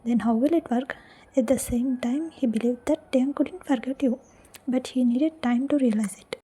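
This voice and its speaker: A woman reading a fan-fiction story aloud as its narrator, in a soft, breathy near-whisper. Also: high voice, normal speed, a little hiss or hum, rough recording.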